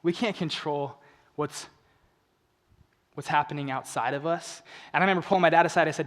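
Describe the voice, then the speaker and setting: A young man giving an inspirational stage talk. He tells a personal story earnestly, dropping to hushed emotional lows and rising to urgent appeals. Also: fairly quick. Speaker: motivational speaker. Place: large event hall on stage. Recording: long reverb of a large hall.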